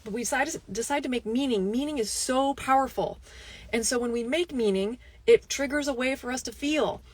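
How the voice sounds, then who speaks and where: A woman health coach giving a motivational talk to camera, telling a personal story with lively asides and checking in with "right?". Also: fairly high pitch, brisk, breathy edge. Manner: animated storytelling, frequent "right?" asides and laughs.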